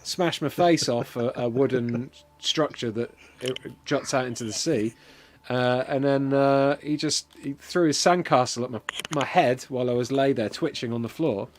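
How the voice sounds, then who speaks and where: A man's voice: mid-range voice, moderate pace, slight background noise. A man hosting a game stream, rambling through a comic story, swearing and laughing as he goes. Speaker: stream host.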